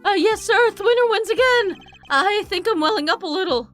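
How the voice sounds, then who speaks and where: A woman's voice: extremely high pitch, animated, normal speed, soft background music, voice pushed up. A woman voicing a young, eager police officer in a game who fawns over his superior. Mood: fawning. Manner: bright, eager and obsequious.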